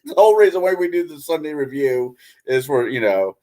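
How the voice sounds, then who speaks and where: A man's voice: fairly high pitch, sing-song, fairly quick, warm tone. Chatty man in casual talk. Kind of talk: casual chat.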